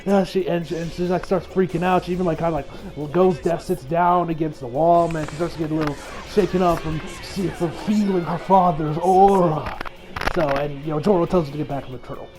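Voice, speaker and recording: High-pitched male anime reviewer, loose and rambling, quick to laugh. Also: fairly even intonation, music in the background, poor audio. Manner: rambling, frequent restarts, laughs often. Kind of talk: casual episode review.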